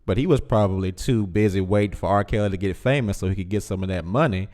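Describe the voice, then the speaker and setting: A man's voice: on the low side, fast talker, a little mellow. A man hosting a live call-in show, talking bluntly and with emphasis to his audience. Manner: blunt, emphatic, addresses chat directly. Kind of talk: casual commentary.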